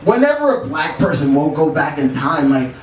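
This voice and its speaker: A male stand-up comic with a fairly high voice, talking in a laid-back way and chuckling after his own punchlines. His pitch moves around a lot. The mic sits at a distance in an echoey bar, with clear room ambience behind. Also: big pitch swings, moderate pace, slight background noise. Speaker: stand-up comedian. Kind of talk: stand-up set. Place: bar stage.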